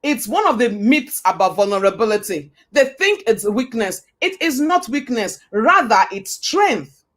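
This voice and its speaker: A woman's voice: fairly high pitch, sing-song, a little slow. Emphatic woman giving a motivational talk. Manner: emphatic and repetitive, with rhetorical questions; preacher-like, quotes scripture. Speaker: motivational speaker.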